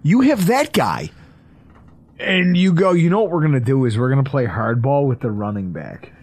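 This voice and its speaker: Animated man hosting a sports podcast. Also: medium pitch. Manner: animated, joking, quick asides. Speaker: podcast host. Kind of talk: casual sports chat.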